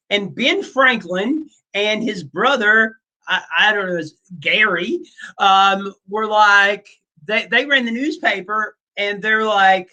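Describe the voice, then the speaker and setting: A man's voice: sits high, unhurried, sharp tone, low-quality recording. A man teaching a history class in a casual, joking way, with many fillers and asides. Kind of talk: classroom lecture.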